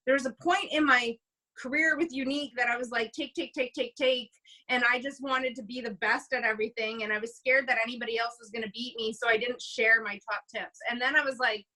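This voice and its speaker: A young woman on a video call, sharing sales tips in an emphatic, animated way, full of fillers like "you guys". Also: on the high side, fairly quick, low-quality recording. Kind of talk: animated motivational talk. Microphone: computer mic on a video call.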